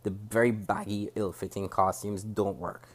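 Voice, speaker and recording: A Jamaican man with a fairly low voice gives a spoken review straight to camera. His delivery is critical and measured. He breaks off and restarts sentences as he works through his points. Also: little pitch movement. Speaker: TV show reviewer. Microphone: camera facing the speaker.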